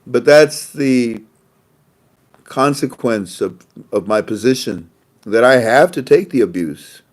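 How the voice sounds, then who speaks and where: A man's voice: medium pitch, lively intonation, takes it slowly. A man hosting a casual monologue, rambling and repeating his phrases, with frequent laughter. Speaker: host.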